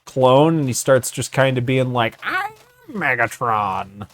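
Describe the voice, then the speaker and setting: A man's voice: moderate pace, slight background noise. A man in casual gaming-stream chat with a friend, rambling, swearing and laughing often between sentences. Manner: animated, jumps up and down in pitch.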